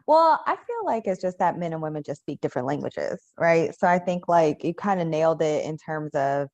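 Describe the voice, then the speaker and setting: Low-voiced woman panelist, thoughtful, kinda muffled dull audio. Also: lively intonation, fairly quick, darkish tone. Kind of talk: casual round-table chat.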